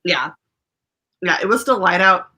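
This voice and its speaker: Bright-voiced chatty woman. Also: on the low side, lively intonation, measured pace. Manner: rambling, lots of fillers and laughs. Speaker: podcast host. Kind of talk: casual storytelling chat.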